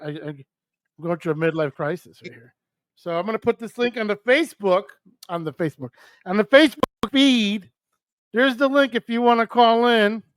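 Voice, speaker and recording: A man's voice: high voice, moderate pace, clean tone, no echo. An older man from New hosting a live radio stream, chatting loosely and cursing with a friend. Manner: loose, profane, joking. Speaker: radio show host. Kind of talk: casual live-stream chat.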